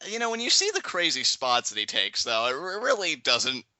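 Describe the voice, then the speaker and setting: A young man chatting excitedly in a live reaction, predicting what happens next and laughing often. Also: fairly high pitch, normal speed, dry recording, lo-fi sound. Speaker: guest co-commentator.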